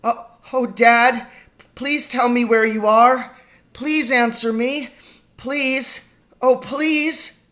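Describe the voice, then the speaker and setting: A man voicing a frightened young boy who calls out and pleads in a high voice in a storybook reading. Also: steady tone, slow pace, a bit bright, exaggerated voice. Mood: pleading. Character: frightened young boy searching the dark woods.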